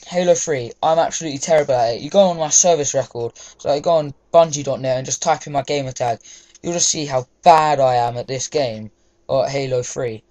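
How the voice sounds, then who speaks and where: A man's voice: medium pitch, a little mellow. A young man, chatting casually over gameplay, rambling with lots of fillers. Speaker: gaming commentator.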